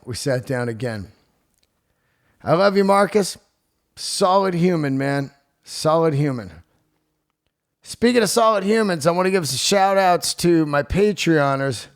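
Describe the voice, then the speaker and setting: A man's voice: on the high side, smooth. A man hosting his podcast as a comedian, talking loosely and profanely with lots of fillers. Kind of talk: casual monologue.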